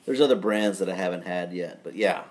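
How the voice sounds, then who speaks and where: A man casually chatting on his own live stream from his home garage at night, relaxed and rambling, with chuckling asides. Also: low voice, brisk.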